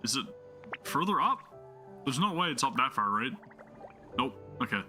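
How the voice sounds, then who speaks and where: A man's voice: medium pitch, big pitch swings, normal speed, bright, forceful tone, soft background music. A man hosting a gaming channel, chatting casually with enthusiasm while he plays, rambling with lots of fillers. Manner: rambling, full of fillers and restarts. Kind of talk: casual gameplay commentary.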